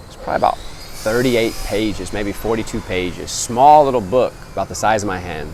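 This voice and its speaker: A man vlogging outdoors beside a temple, talking earnestly to camera as he calls his listeners gentlemen. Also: on the low side, animated, moderate pace, slight background noise. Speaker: travel vlogger. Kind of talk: casual motivational talk to camera.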